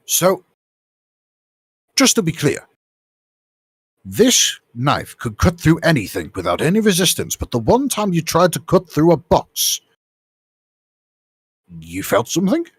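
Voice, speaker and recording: A man running a tabletop game as game master, narrating in a halting way with many restarts. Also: fairly high pitch, big pitch swings, husky, no echo.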